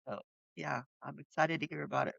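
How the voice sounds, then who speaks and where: A woman's voice: low voice, fairly even intonation, fairly quick, vocal fry, fairly bright tone, breathy edge, no echo, highs cut off. A woman co-hosting a podcast, chatting in an upbeat way with short replies. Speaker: podcast co-host. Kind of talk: casual chat.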